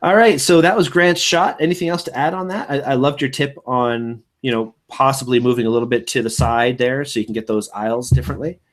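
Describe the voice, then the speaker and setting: A man hosting a live online photo show in casual, upbeat, encouraging chat, quick to laugh. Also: medium pitch, fairly even intonation.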